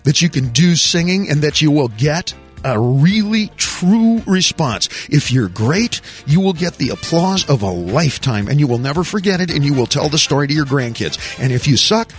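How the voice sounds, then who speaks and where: Man, morning radio host, studio, theatrical rambling jokes, fairly high voice, music bed. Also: big pitch swings, moderate pace, few pauses.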